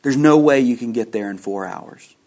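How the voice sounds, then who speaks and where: A man telling a slow, dramatic story in a sermon, often dropping to a hushed low voice at emotional points and repeating his words as he builds toward a question. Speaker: preacher. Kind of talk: sermon illustration.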